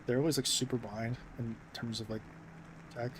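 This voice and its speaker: Rambling young American streamer. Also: male voice, medium pitch, steady tone, a little fast, slight background noise, low-quality recording. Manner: rambling, filler-heavy, self-interrupting. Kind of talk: casual stream chat.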